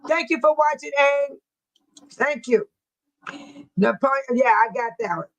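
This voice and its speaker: A middle-aged woman from the Dolton, Illinois area hosts a casual livestream, chatting, reading viewer comments and teasing her viewers by name. Her voice sits high with a fairly bright tone, and she speaks at a measured pace. The recording quality is low.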